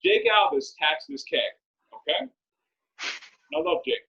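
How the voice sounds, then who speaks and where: A man in his thirties telling a story on a casual podcast, animated and laughing often. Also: high voice, slow pace, vocal fry, husky. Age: 30s. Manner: animated, laughs often, acts out quoted lines. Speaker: podcast co-host. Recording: dull lo-fi podcast audio.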